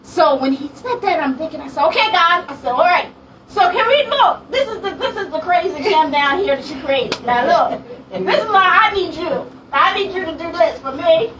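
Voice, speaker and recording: A woman, sharing her testimony at a women's conference in a lively, laughing storytelling manner. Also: very high voice, normal speed, lo-fi sound, background noise. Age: late 40s. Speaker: minister and speaker. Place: conference room with audience. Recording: distant mic, audience sounds.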